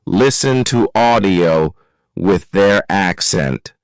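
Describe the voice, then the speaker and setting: Guy reading an easy english story super slow, smooth clear voice, dry close mic. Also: sits low, lively intonation, no room sound, rough recording. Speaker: narrator of a graded reader. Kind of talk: slow scripted narration for learners.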